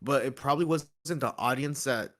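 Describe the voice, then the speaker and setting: A man of ordinary middle pitch hosting a casual livestream chat. He rambles along with many likes and restarts as he gives his opinions. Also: moderate pace, fairly bright tone. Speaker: podcast host.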